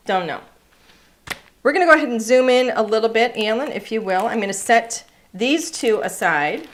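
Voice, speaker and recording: A woman's voice: on the high side, fairly bright tone. Chatty woman teaching a live craft class. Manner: chatty and upbeat, greets viewers by name. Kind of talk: live-streamed craft demonstration. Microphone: overhead camera setup.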